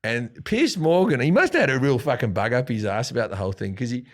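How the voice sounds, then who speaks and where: Mężczyzna z australijskim akcentem, w średnim wieku, opowiada w wywiadzie barwne, wulgarne historie i odgrywa cudze kwestie. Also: male voice, medium pitch, fast. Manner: profane, animated storytelling with acted-out quotes. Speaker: guest comedian. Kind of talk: storytelling in a casual interview. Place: studio.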